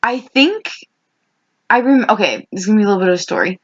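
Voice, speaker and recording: A woman's voice: mid-range voice, expressive, fast. Young woman, casual podcast co-host, meandering and filler-heavy, dull lo-fi recording. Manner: rambling, filler-heavy storytelling. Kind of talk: casual chat between best friends.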